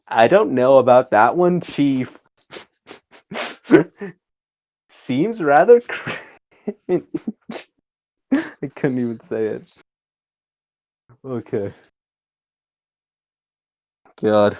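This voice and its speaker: A young man hosting a relaxed podcast chat, unhurried and drawn out. He laughs often and plays up a goofy, exaggerated persona voice. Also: medium pitch, dull audio. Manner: adopts a deliberately exaggerated persona voice. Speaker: podcast host.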